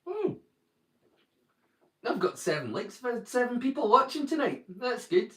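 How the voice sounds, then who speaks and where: Speaking in a northeast Scottish (Doric) accent, this male watchalong host jokes around on a live stream and greets viewers by name. His very high voice is very animated, a bit bright, and delivered at a measured pace. He was recorded from a distance in an echoey room.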